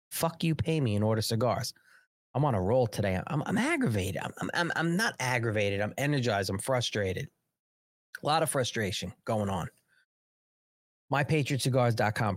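A sarcastic man rants through a live talk show monologue, cutting himself off and restarting as he goes. His voice sits at an ordinary middle pitch and is recorded dry and close, with no room echo. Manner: ranting, sarcastic, restless and self-interrupting; pitches his own products. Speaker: host.

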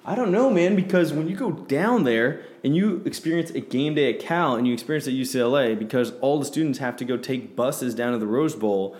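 A man's voice: medium pitch, lively intonation, a little mellow. Chatty man telling a story on a podcast. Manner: conversational storyteller, quick reactions. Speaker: podcast co-host. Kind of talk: casual sports chat.

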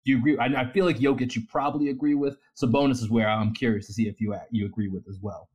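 A man co-hosting a casual sports podcast, explaining his points in a measured, think-aloud way. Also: medium pitch, steady tone, darkish tone, husky. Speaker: podcast co-host.

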